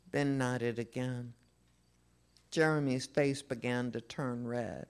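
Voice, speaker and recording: A children's story is read aloud at a memorial service by someone with a smooth, mid-range voice. The reading is slow and full of expression.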